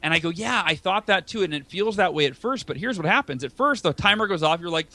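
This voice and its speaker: A man in his thirties, an author and speaker, talking as a podcast guest. He tells stories in a lively way, acts out his feelings in quoted voices and often repeats words at the start of a sentence. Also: high-pitched, quick pace, few pauses, no echo. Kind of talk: conversational storytelling.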